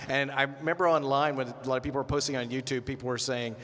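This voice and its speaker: A man's voice: mid-range voice, steady tone, fast, a bit bright, a little hiss or hum. Laughing man telling panel stories. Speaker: voice actor on a convention panel. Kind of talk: casual panel anecdotes. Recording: echoey hall with a crowd.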